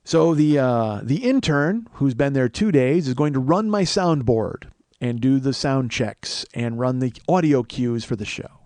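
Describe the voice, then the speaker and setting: This podcast host, a comedian, speaks at medium pitch and a little slowly in an echo-free recording. He spins a long, swear-filled story with lots of energy, voicing the people he quotes.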